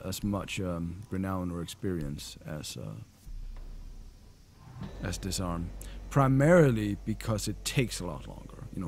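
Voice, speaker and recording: A man talking casually over his gameplay, loose and rambling with plenty of fillers. His voice is low but swings widely in pitch. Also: darkish tone, slight background noise. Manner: laid-back, rambling, with fillers. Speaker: gamer commentator.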